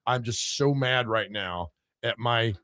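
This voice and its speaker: A man co-hosting a sports radio show, hoarse from screaming, telling animated, self-mocking stories. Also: mid-range voice, a little slow, no echo, clean studio sound. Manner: animated storyteller, laughs at himself. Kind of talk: casual sports radio banter.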